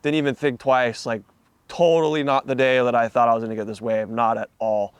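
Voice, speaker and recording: A man's voice: mid-range voice, fairly even intonation, brisk, smooth, no echo. A young man from Hawaii, a surfer telling a story in a casual interview with laid-back slang and a lot of swearing.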